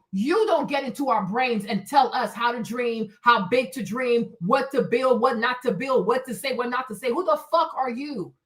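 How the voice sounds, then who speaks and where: Woman, high voice, heated profane rant, emphatic, repetitive, livestream host. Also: fairly bright tone. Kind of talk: unscripted commentary rant.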